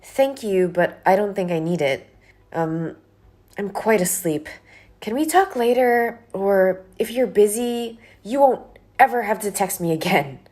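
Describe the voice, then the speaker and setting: An actress playing a young office worker who firmly and politely pushes back against a colleague. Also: female voice, mid-range voice, animated, a little slow, darkish tone. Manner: firm, exasperated, polite refusals. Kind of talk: scripted dialogue drama.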